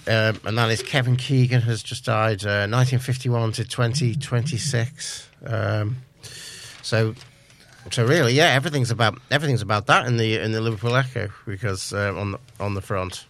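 A man's voice: lowish voice, steady tone, a bit bright, slight background noise. Hesitant man reading newspaper headlines. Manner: hesitant, halting, many fillers. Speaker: radio show co-presenter. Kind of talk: casual radio chat, reading headlines. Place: radio studio.

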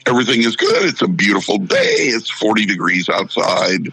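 Middle-aged male storyteller, low and gravelly, acts out every voice in his tale. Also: moderate pace, no room sound, rough recording. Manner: animated anecdote teller who acts out quoted voices. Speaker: radio show personality. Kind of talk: casual storytelling.

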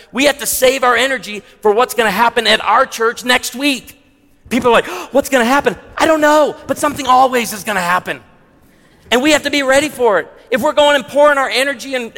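A man's voice: very high-pitched, fairly bright tone. A man preaching a sermon as pastor, conversational with humorous asides. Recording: long hall reverb.

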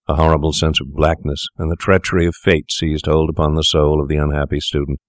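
Deep guy reading a story aloud, slow and grave, dry recording. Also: little pitch movement, no room sound. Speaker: audiobook narrator. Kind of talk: scripted narration.

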